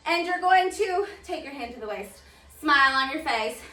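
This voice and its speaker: A woman's voice: high voice, animated, moderate pace, pushed and bright, recorded from a distance. A young woman leading a barre fitness class, counting down moves with upbeat, chatty cues and slightly out of breath. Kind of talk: counting through a live workout class. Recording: roomy sound from away from the mic.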